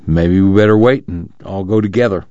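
Audiobook figure: guilt-ridden rural father, read by a man, deep, dry. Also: brisk, warm tone, smooth, no echo, muffled recording, natural voice. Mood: miserable. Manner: plain rural speech.

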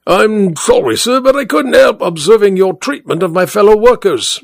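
Brief: preachy orator of a cabby, high and animated, a man doing the voice; dry read. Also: normal speed, gravelly, dry recording. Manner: speechifying, sanctimonious. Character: preachy socialist male cab driver.

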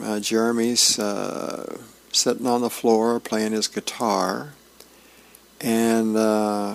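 A man reading newspaper comic strips aloud on a radio show, describing each panel with frequent pauses. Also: on the low side, creaky, a bit bright. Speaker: radio reader of newspaper features.

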